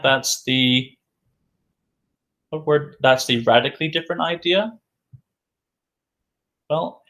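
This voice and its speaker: A man teaching an English vocabulary lesson at a middle pitch, saying each new word two or three times. He asks the class a question and answers it himself. His delivery is slow, deliberate and patient. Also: fairly bright tone.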